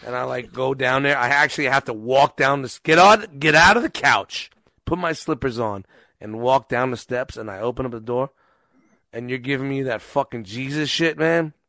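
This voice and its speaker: Gravelly man, blunt and profane, casual podcast chat, dry close sound. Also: medium pitch, normal speed, no room sound. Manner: blunt, swears constantly, animated storytelling.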